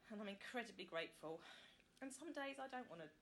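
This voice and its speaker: A woman giving a candid, halting, heartfelt personal testimony as a member sharing at a support meeting. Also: a little high, expressive, a bit bright, a little hiss or hum.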